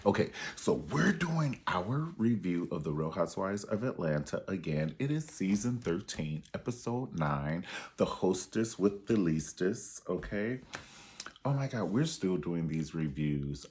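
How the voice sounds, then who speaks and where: Low-voiced sassy man dishing gossip. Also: big pitch swings, unhurried, darkish tone. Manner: sassy, gossipy, calls everyone honey. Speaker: YouTube reality TV reviewer. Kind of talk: casual commentary.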